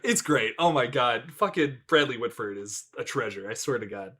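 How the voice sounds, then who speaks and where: A man's voice: medium pitch, expressive, normal speed, hardly any pauses, fairly bright tone, husky. A young man hosting a casual film review podcast, rambling and crude, laughing often at his own jokes. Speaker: podcast host.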